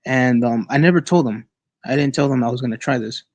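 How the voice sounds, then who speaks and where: A man appears as a guest on an online call, telling a personal story in a casual, halting way with many restarts and repeated words. His mid-range voice has a darkish tone, and the muffled recording has no echo.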